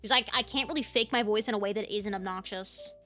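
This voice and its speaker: A woman streamer chatting casually with viewers, projecting from her diaphragm with lively inflection despite a sore throat. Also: mid-range voice, fast talker, faint music behind.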